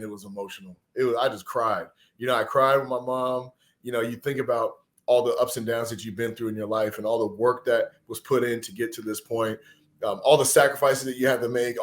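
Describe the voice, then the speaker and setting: A man in his forties from Texas, a former pro football player and podcast guest, telling a personal story in an animated, earnest and emotional way. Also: mid-range voice. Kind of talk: conversational storytelling.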